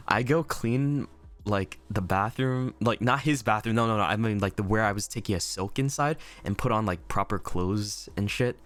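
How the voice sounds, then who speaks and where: A young man telling a story in a casual vlog, laughing often, swearing freely and talking with animated energy. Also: on the low side, normal speed. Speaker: vlogger. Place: inn room indoors.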